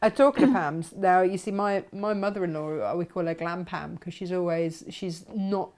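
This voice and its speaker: A woman's voice: lowish voice, normal speed, a little mellow. Teasing woman hosting a craft chat. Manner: friendly, teasing, reads viewer comments. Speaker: host. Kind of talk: casual chat with a guest.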